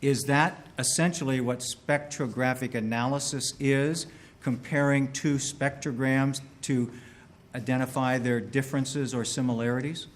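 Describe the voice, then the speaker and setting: A man's voice: mid-range voice, steady tone, a little slow. A man in a courtroom questioning an expert witness carefully, restating questions with small restarts.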